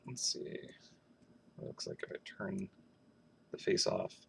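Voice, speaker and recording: A man's voice: a little slow, a bit bright, slight background noise. A man who is a game artist, thinking aloud in a musing, self-questioning way as he draws on a livestream. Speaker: game artist streaming his work.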